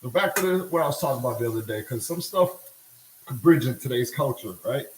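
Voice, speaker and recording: A man's voice: mid-range voice, animated, quick pace, slight background noise. Slangy man, echoey room. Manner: rambling, slangy, laughs often. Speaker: livestream host. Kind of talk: casual livestream talk while cooking.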